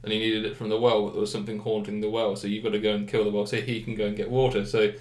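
A young man chatting casually about games, rambling with lots of fillers and clear enthusiasm. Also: fairly low pitch, level tone, racing, darkish tone. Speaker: gaming podcast co-host. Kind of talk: casual chat. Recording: echoey room.

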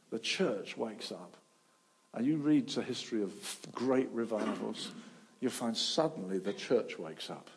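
Gravelly preacher, swelling and hushed. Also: male voice, mid-range voice. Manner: animated storytelling, voice swelling and dropping to near whisper. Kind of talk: sermon.

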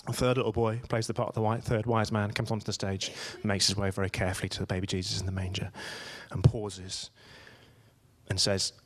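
A man's voice: on the low side, level tone, fairly quick. A man giving a conversational sermon, telling stories and asking his listeners rhetorical questions. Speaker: preacher.

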